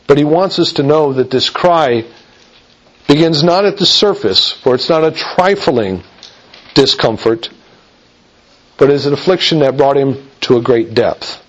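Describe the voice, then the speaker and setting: A man preaching a sermon in an earnest, measured way, slowing down to stress quoted verses. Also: on the high side. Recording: dull lo-fi recording.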